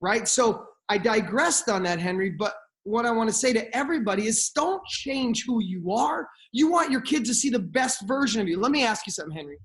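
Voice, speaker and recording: A man's voice: extremely high pitch, lively intonation, brisk, few pauses, a bit bright. A middle-aged man talking as a podcast guest, giving blunt motivational advice and swearing freely.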